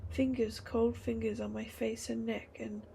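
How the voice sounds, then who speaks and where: A woman's voice: on the high side, flat delivery, unhurried, gravelly, dark tone, a little hiss or hum, rough recording. A woman voicing a frightened young village woman in a storybook, gasping and panicked.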